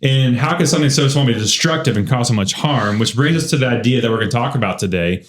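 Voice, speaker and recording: A man hosting a church podcast, telling a story in a lively, casual way and laughing often. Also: medium pitch, quick pace. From United States. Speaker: podcast host. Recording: roomy echo.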